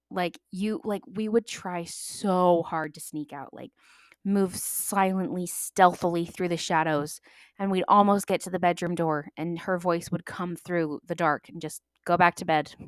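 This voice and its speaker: Casting note: young woman solo podcast host, lively storyteller, lowish pitch, dry close-mic sound. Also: measured pace, dry recording. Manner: chatty, animated, acts out quoted voices. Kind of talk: casual storytelling monologue.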